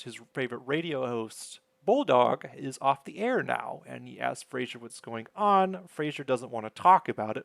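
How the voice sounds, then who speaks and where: A man's voice: medium pitch, gravelly, a bit bright, no echo. Male recapper; casual, rambling, self-deprecating delivery, dry close sound. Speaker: episode recapper. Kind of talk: casual sitcom episode recap.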